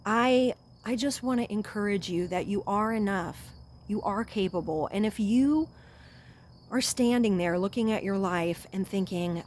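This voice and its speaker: A woman giving an earnest, animated pep talk to her viewers, calling them honey. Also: mid-range voice, unhurried, a little hiss or hum. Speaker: self-help vlogger. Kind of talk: encouraging talk to camera.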